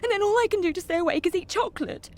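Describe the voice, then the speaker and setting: Tired ashamed dieter, very high voice, anxious confessional tone. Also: female voice, rapid-fire, darkish tone. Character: ashamed weary woman dieter. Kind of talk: radio comedy acting.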